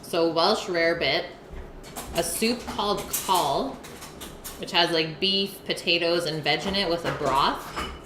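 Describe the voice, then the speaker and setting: A woman's voice: fairly low pitch, measured pace. A woman hosting a live cooking stream, chatting casually with her viewers between bites and reading their messages aloud. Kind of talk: casual chat with viewers while eating. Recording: roomy, noisy home stream audio.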